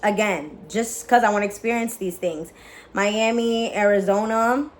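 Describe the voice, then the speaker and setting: A young woman vlogging in a casual, candid way, swearing freely, full of "like" fillers and excitable chatter. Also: medium pitch, unhurried. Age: young adult. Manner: candid, profane, lots of "like" fillers. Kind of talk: casual vlog chat.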